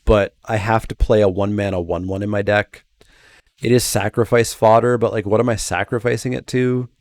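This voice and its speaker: Gravelly low-voiced man musing on cards. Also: fairly even intonation, moderate pace, darkish tone, no room sound. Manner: reads card text plainly, then muses with hedging asides. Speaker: channel host reviewing game cards. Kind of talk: casual solo review commentary.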